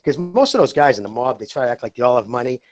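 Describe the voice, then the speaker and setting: A man's voice: medium pitch, lively intonation, very fast, dry recording, lo-fi sound, soft background music. A man co-hosting a podcast in casual chat, talking in a heated, profane, rambling way. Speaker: podcast co-host.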